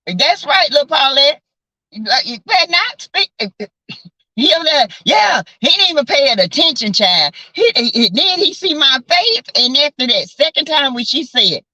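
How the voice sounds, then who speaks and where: A woman with a Southern American accent, telling stories in a sassy, animated casual chat, swearing and calling listeners honey and baby. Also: sits high, moderate pace, no room sound, poor audio. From South Carolina. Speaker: vlogger chatting with live viewers.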